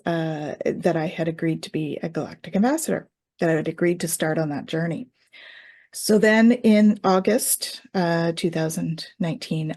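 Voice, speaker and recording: A woman's voice: on the low side, a little mellow. A woman who teaches Reiki tells a personal story in casual chat, acting out quoted voices and laughing often.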